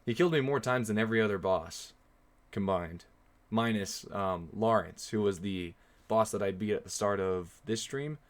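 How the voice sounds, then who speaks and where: Low-voiced young man streaming a game. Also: moderate pace. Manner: rambling, many ums, chatty with viewers. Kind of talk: casual live-stream commentary.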